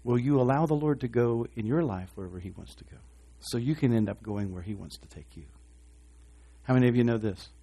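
A man's voice: mid-range voice, brisk, dark tone. A man preaching a sermon, asking the congregation to respond and acting out short voices. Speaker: pastor.

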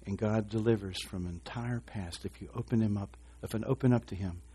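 A man preaches to a congregation with a husky, somewhat dark voice. He calls out for responses from the room and slips into short acted voices to make his point. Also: on the low side, a little fast. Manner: animated preaching with call-and-response, acting out voices. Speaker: pastor. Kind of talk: sermon.

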